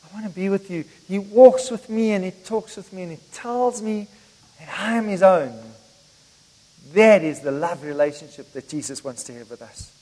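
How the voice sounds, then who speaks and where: A middle-aged man preaches to his congregation in a relaxed, conversational way, mixing personal stories into the message. His voice sits high for a man. The sound carries the long reverb of a church hall. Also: moderate pace. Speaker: pastor. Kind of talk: sermon.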